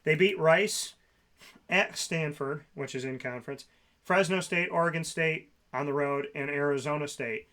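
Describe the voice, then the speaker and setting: Sports talk co-host, man, sharp bright tone, slightly high pitch, sarcastic rants. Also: moderate pace. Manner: sarcastic, ranting.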